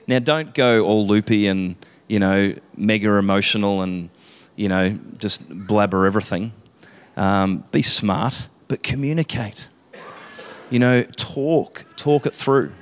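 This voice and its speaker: A man's voice: lowish voice, a little slow, long reverb tail. A man, preaching a casual sermon to a congregation, chatty and self-interrupting, laughing often.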